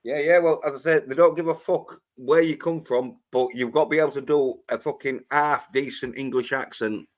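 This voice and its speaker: A man's voice: medium pitch, fairly even intonation, normal speed, hardly any pauses. Rambling Scottish man who swears freely. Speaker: panel guest. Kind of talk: casual chat.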